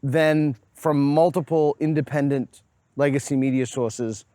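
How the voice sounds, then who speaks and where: A man's voice: fairly high pitch, steady tone, measured pace, dark tone, no room sound. A man with a Boston accent hosting a casual street interview, playful and teasing. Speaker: host. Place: outdoors on a college campus.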